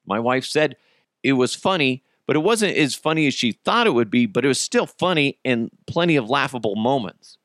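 A man's voice: moderate pace, no room sound, studio quality. A man hosting a casual solo podcast, ranting about movie theaters, swearing and laughing at his own stories. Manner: animated, swearing, laughing at his own stories, acts out bystanders in high voices. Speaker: podcast host.

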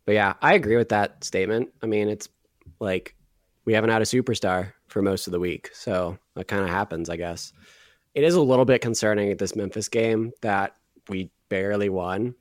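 A man with a lowish voice chatting about basketball on a podcast, full of likes and ums. He teases his friends and jokes around. The mic is close and dry. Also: moderate pace, no echo. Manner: teasing, joking, filler-heavy. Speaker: podcast co-host. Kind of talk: casual sports chat.

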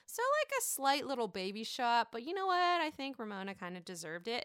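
Bright, gossipy woman recapping reality TV. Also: fairly high pitch, a little fast, hardly any pauses, clear, resonant tone, no room sound, studio quality. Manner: gossipy, animated, mocks quotes in put-on voices. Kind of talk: casual recap commentary.

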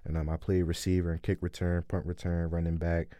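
A young man telling a story in a casual interview, excitedly acting out quotes. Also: low-pitched, a little fast, no echo. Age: young adult. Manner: animated storyteller, acts out quotes loudly. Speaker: interview guest, college football player.

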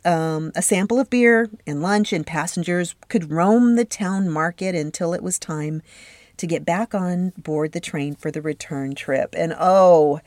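Woman podcast host, low-ish voice, chatty and eager, close dry mic. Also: measured pace, a little mellow, no room sound. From Southern California. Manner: chatty, enthusiastic storytelling with fillers. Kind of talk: casual solo podcast monologue.

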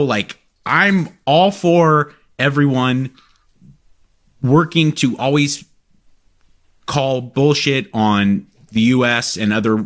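A man co-hosting a podcast, chatting casually in an excitable, joking way with frequent restarts. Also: mid-range voice. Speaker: podcast co-host. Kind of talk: casual chat.

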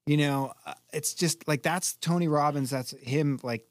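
Animated teaching man from Boston. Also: a little high, normal speed, no echo. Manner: animated, acts out his classes loudly. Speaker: breathwork teacher. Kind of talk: casual podcast conversation.

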